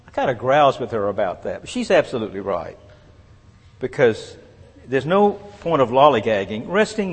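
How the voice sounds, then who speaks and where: A man preaching a sermon, earnest and measured, letting his phrases fall away softly at the end. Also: medium pitch, husky. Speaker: pastor. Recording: long reverb of a large hall.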